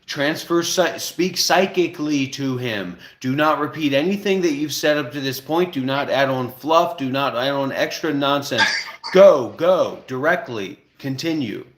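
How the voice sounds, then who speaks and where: A man's voice: mid-range voice, animated, unhurried, a little hiss or hum. A man hosting a livestream, giving blunt, commanding instructions. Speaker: livestream host. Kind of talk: casual livestream talk. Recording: roomy echo.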